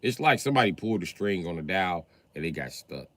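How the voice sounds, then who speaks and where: A man's voice: big pitch swings, fast, hardly any pauses, dry recording, clean studio sound. A man doing a profane, mocking stand-up rant on a live stream. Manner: profane, mocking, jumps in pitch. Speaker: comedian streamer.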